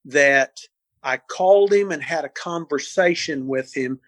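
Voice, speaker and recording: A man in his sixties, an interview guest recounting cases in an animated way, often repeating words as he goes. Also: on the high side, measured pace, no room sound. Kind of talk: storytelling interview.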